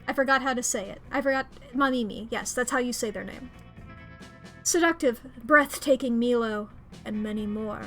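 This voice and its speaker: Woman streamer reading a dating game aloud. High, bright voice, excitable delivery with frequent squeals. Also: normal speed, faint music behind.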